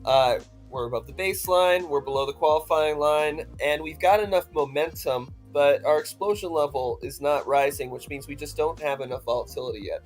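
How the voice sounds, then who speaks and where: A man's voice: on the high side, a little fast, hardly any pauses, faint music behind. A man co-hosting, walking through chart analysis methodically in a casual tone. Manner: methodical, technical when reading charts. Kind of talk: casual chat and chart commentary.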